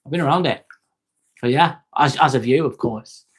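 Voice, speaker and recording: A man's voice: medium pitch, normal speed, husky. A man with an East Lancashire accent hosting a casual live chat, laid-back and chummy, calling everyone mate and swearing freely. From Northwest England. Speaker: livestream host. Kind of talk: casual live chat, reading viewer comments.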